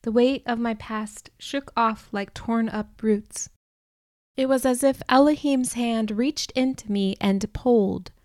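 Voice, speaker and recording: A woman's voice: a little high, slow, darkish tone, dry recording, studio quality. Earnest woman narrating a novel. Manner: emotional, earnest reading. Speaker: audiobook narrator. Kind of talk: first-person novel narration.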